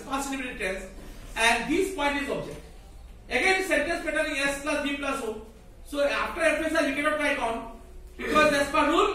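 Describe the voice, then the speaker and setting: A man's voice: very high-pitched, sharp tone, distant mic, slight background noise. A male English teacher giving a grammar lesson to a class, asking questions and having students repeat the rules. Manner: repetitive, questioning, drills students in call-and-response. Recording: very echoey room, voice from afar.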